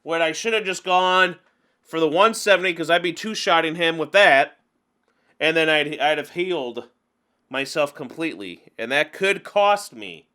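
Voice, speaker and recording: Guy narrating his card game match, kinda high voice, chatty, gets worked up and vents. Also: normal speed. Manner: chatty, talks through his frustrations with animated outbursts. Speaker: gaming channel host. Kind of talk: gameplay commentary.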